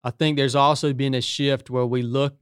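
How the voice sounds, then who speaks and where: A man as a guest on a talk show, speaking earnestly with halting restarts and calling others brother. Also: mid-range voice, little pitch movement, clean tone, no room sound, studio quality. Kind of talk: casual conversation.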